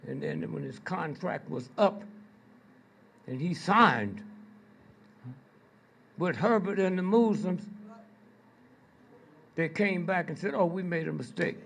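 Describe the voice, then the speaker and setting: Older man, high husky voice, slow storytelling lecture, keeps prodding the crowd with "huh?". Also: big pitch swings, fairly bright tone. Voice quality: gravelly, husky. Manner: prods the audience with repeated "Hmm?" and "Huh?"; slow, drawn-out delivery with pointed pauses. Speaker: speaker addressing an audience. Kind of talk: storytelling lecture to a live audience.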